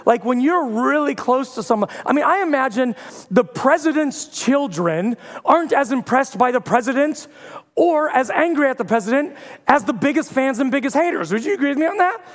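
A pastor in his thirties giving a sermon, telling a funny story with sudden loud bursts. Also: very high-pitched, lively intonation, moderate pace. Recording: long hall reverb.

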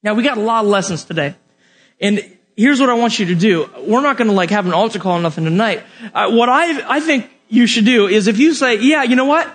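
High-voiced husky male preacher. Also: brisk. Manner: casual, joking, talks straight to the room. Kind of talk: sermon.

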